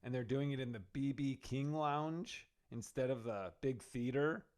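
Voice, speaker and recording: A man's voice: mid-range voice, a little slow. A man co-hosting a casual podcast, telling a story and acting out his friends' voices. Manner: animated storyteller, acts out quoted friends. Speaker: podcast co-host.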